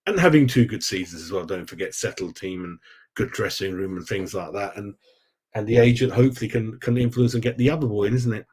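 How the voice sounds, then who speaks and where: A middle-aged man chats on a live fan stream from his room at home. He is loose and blokey and keeps calling his viewers mate. His voice sits at an ordinary middle pitch. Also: a little mellow. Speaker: fan channel host. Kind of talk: casual live-stream football chat.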